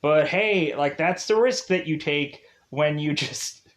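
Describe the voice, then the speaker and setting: A man's voice: on the high side, slow pace. A man casually recapping a TV episode in a rambling way, using lots of filler words, laughing at his own jokes and acting out the characters' lines in mocking voices. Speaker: TV review host.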